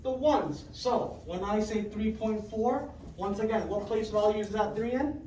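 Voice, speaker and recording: A classroom teacher leading a math lesson, patiently repeating questions, checking with "right?", and calling on pupils by name with quick praise. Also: medium pitch, warm tone, slight background noise. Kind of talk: fifth-grade math lesson. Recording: roomy classroom heard from a distance.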